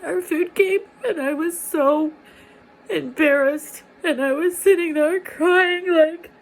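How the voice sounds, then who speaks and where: Woman vlogger, high-pitched, halting delivery with repeated words, confessional. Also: rough recording. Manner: halting, repeats words while telling a painful story. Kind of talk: confessional personal vlog.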